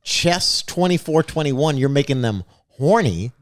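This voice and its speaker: A man's voice: on the high side, expressive, a little slow. A man co-hosting a comedy podcast, teasing and joking in casual chat. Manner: playful, teasing, breaks into laughs. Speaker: co-host.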